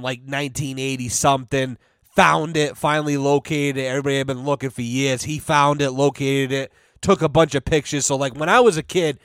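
A man's voice: medium pitch, smooth, dry recording, clean studio sound. A man ranting casually as a podcast co-host, profane and rambling, full of repeated fillers.

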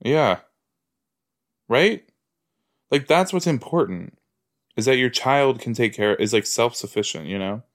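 Slow-talking man chatting casually. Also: medium pitch. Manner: chatty, animated reactions, frequent "like" and "you know". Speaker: podcast host reacting to a TV episode. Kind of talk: casual reaction commentary.

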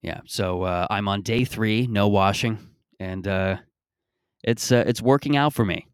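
A man's voice: on the low side, unhurried, clean tone, dry recording, clean studio sound. A man around thirty hosting his own podcast outdoors in a backyard, rambling and joking with a bit of profanity. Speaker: podcast host. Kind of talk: casual solo podcast monologue.

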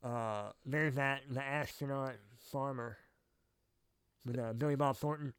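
A man co-hosting a casual podcast chat, relaxed and trailing off with fillers as he thinks. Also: mid-range voice, unhurried, clean tone, dry recording. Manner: laid-back, trails off with fillers. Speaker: podcast co-host.

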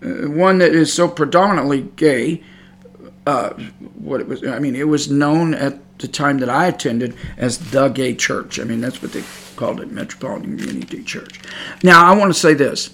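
A man's voice: a little high, normal speed. A middle-aged man giving an emphatic religious podcast monologue, repeating himself and growing heated. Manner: emphatic, repetitive, grows heated and loud. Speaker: podcast host.

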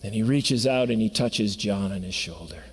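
A man's voice: lowish voice, normal speed, breathy edge. Earnest preacher man in an echoing hall. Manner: earnest storytelling, rising to emphatic peaks. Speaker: pastor. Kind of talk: sermon. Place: church sanctuary. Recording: long reverb of a church hall.

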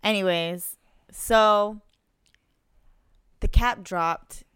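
A woman co-hosting a casual podcast, telling a story with lively retellings of dialogue and frequent swearing. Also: medium pitch, extremely slow, smooth, no echo, clean studio sound. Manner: animated, swears freely, plays out quoted dialogue. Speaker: podcast co-host.

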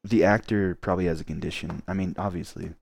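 Male podcast host, opinionated, excitable, very low voice, dry close sound. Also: fast talker, creaky, dry recording. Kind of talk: casual chat.

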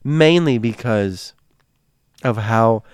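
A young man telling a spooky story in casual chat, animated and laughing, acting out quotes with fillers. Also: mid-range voice, slow pace, clear, resonant tone, dry recording, clean studio sound.

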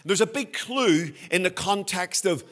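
A man preaching to his congregation in a slightly higher-pitched voice. He sounds earnest and emphatic, and he slows right down to stress the words that matter. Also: lively intonation, fairly bright tone. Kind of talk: sermon.

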